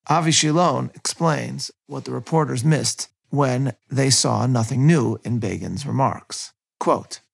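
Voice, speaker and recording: A man with a gravelly, slightly husky voice reads a history lecture at a measured pace. He marks quotations from his sources as he reads them out. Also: mid-range voice.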